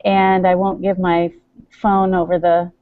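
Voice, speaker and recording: A woman's voice: fairly low pitch, flat delivery, a little slow, slight background noise. Rambling woman organizer on a video call. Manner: rambling, self-deprecating, hesitant. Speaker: organizer of the teacher training. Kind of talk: casual online meeting talk. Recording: dull, dry video-call audio.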